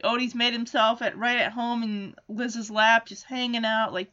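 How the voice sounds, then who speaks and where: A woman with a high, bright voice talks through a cartoon episode in casual recap style. She is sarcastic and animated and keeps dropping into quick character voices. The recording sounds a bit dull and lo-fi. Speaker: cartoon reviewer.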